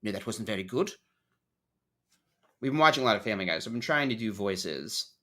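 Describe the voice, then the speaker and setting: A man's voice: lowish voice, animated, brisk, fairly bright tone. A man hosting a podcast in casual chat, joking and swearing freely while mocking himself. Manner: joking, profane, self-mocking. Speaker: podcast host.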